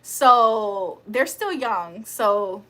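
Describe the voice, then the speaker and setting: A woman's voice: medium pitch, animated, extremely slow, a bit bright. A young woman hosting a casual livestream, reading chat aloud and laughing often. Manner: chatty, laughs often, reads comments aloud.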